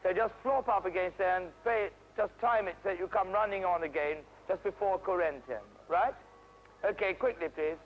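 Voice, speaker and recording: Brisk high-voiced man directing a rehearsal. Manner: brisk, instructive, stops and corrects actors. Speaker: drama teacher directing a rehearsal. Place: outdoor stage rehearsal. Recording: dull, faintly noisy 1970s archive recording.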